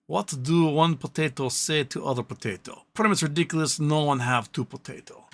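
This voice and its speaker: A man's voice: on the high side, moderate pace, natural voice. A man putting on a boastful male Russian general with a heavy Russian accent and broken English. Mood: deadpan.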